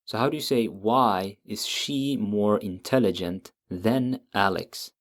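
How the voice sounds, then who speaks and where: A man with a fairly low voice teaches a language lesson at an unhurried pace. He explains patiently and repeats every example word slowly so learners can follow.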